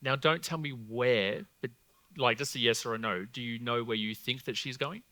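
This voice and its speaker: A man with an Australian accent speaks live before a theatre audience, rambling casually with "like" and "um" as he passes on messages. His tone is bright and forward, set at an ordinary male pitch. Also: moderate pace, no echo. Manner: chatty, filler-heavy, swears casually. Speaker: psychic medium host. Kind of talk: live stage show, relaying messages.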